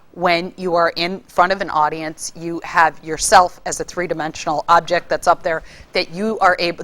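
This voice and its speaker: A woman giving a casual spoken lesson on public speaking, showing different ways to deliver lines with lively shifts in emphasis. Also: fairly low pitch. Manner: lively, demonstrates vocal delivery with varied emphasis.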